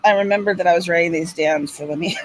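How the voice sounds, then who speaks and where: A woman's voice: lowish voice, low-quality recording. A woman hosting a casual chat, reading viewer comments and laughing often. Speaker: host.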